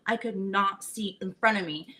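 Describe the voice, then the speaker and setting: Bright-voiced chatty woman telling a story. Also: medium pitch, moderate pace. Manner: animated, chatty, lots of "like". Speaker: cooking show host.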